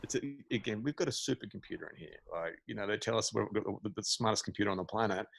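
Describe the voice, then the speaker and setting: A man, a meditation teacher, talking as a podcast guest, animated and emphatic. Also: on the low side, fast, vocal fry, slightly rough. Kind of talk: casual podcast conversation.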